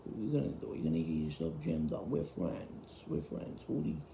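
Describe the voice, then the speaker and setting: A man voicing an older loan shark who talks in a hushed whisper, in a roomy echo. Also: fairly low pitch, big pitch swings, a little fast, creaky, a little hiss or hum, pitched below the performer's own voice, full character voice.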